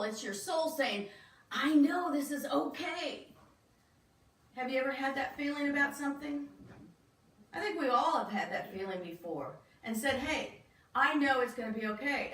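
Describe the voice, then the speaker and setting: A woman with a fairly high voice preaches in a relaxed, conversational way, often turning to ask the congregation questions. She is picked up from some distance in an echoey church room. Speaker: minister. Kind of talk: sermon. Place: church sanctuary.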